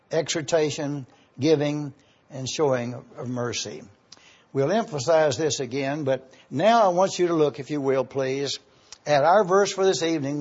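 A man with a husky, slightly raised voice delivers a teaching sermon in an auditorium. He moves deliberately, repeating key points slowly so listeners can take notes. The recording is dull and lo-fi. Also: fairly high pitch, a little mellow. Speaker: preacher.

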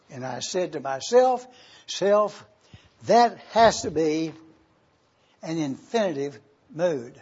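A man preaching a sermon, teaching and emphatic, bursting into sudden excitement as he explains. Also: high voice, breathy edge, highs cut off.

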